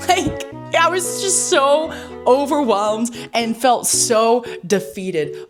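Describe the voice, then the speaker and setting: A young woman vlogging in a casual, chatty way. She tells stories with energy and says "like" a lot. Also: mid-range voice. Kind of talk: casual chat.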